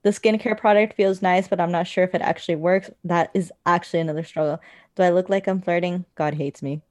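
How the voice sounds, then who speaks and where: A woman's voice: lowish voice, steady tone, a little fast, a little mellow, no echo, clean studio sound. A young woman chatting casually over quizzes, blunt and teasing, swearing freely. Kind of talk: casual chat doing online quizzes.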